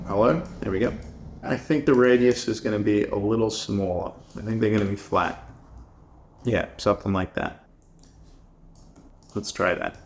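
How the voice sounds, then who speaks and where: A man thinking aloud as he designs, muttering to himself and laughing at his own mistakes. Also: fairly low pitch. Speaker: design video creator. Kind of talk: casual think-aloud commentary while designing. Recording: echoey room with a poor mic.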